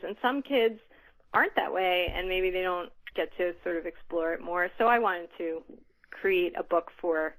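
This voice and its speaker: A woman's voice: on the low side, rough recording. A middle-aged woman author being interviewed, speaking thoughtfully with frequent ums and restarts. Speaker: author guest. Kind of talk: conversational interview.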